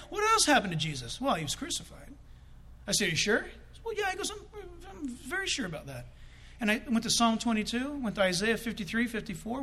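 A male preacher spins a personal anecdote, acting out the dialogue as he goes. His voice sits very high and bright. It swoops up and down with lively energy. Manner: storytelling with acted-out quotes, bursts of laughter. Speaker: preacher telling a personal story. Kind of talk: animated sermon anecdote.

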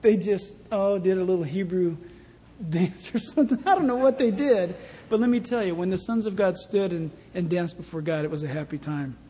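A male pastor preaching an animated sermon in a warehouse church, declaiming scripture emphatically. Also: high voice, normal speed, breathy edge. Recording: long reverb in a large hall.

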